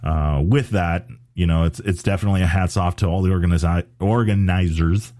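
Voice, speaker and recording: A man's voice: deep voice, steady tone, brisk, warm tone, no room sound, clean studio sound. A man hosting a podcast, chatting casually about off-road racing and rambling with many restarts and fillers. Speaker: podcast host.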